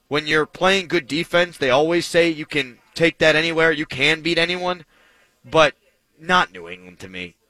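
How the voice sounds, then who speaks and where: A man's voice: mid-range voice, pushed and bright, dry recording, low-quality recording. A man hosting a sports talk radio show, talking in an emphatic, punchy way with self-mocking asides, on a studio microphone.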